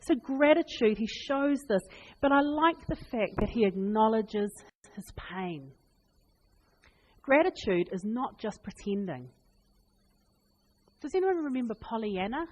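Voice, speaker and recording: A woman preaching a sermon, telling funny family stories with laughs and lively asides. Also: on the high side, unhurried, pauses often, muffled recording. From New Zealand. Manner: animated, laughing, chatty anecdotes. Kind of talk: humorous storytelling sermon. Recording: long reverb in a hall.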